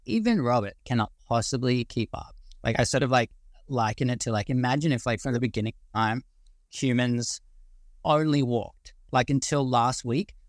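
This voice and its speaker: A man's voice: mid-range voice, no echo. Aussie guy in his 40s going on a passionate rambly rant, swears a bit, dry sound. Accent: Australian. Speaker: guest speaker. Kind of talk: casual live audio-room discussion.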